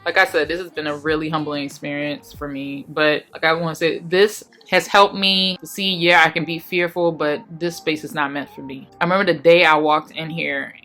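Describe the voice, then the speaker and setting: A woman, sharing an emotional faith testimony at home while packing, fast in bursts and then soft. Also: low-pitched, fairly even intonation. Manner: earnest, emotional, talks fast in bursts and then goes quiet. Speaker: faith vlogger. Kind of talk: personal testimony vlog.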